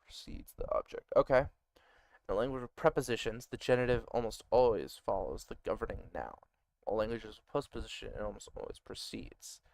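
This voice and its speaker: A man building a made-up language, thinking aloud as he works and reading notes aloud in quick bursts, muttering and poking fun at himself. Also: fairly low pitch, vocal fry, darkish tone, no echo, clean studio sound. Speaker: worldbuilder designing a conlang. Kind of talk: thinking aloud while working on screen.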